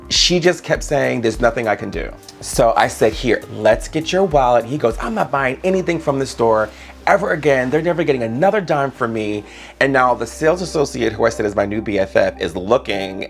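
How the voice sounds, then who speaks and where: A man's voice: medium pitch, gravelly. A man vlogging a storytime, animatedly acting out the voices of the people in it. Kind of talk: storytime vlog.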